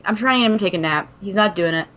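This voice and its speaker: Female podcast co-host, casual storyteller, mid-pitched, expressive and foul-mouthed. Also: very fast. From Kentucky. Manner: animated, swears a lot, dramatic retelling.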